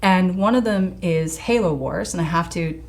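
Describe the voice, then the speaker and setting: A woman hosting a casual interview, chatty and bubbly and quick to laugh. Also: fairly low pitch. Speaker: interview host.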